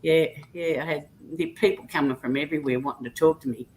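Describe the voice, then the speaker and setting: Fast and a little mellow, this Australian woman's low, steady voice comes through poor audio. She's a guest on a live stream, chatting casually and sharing stories in a relaxed, anecdotal way.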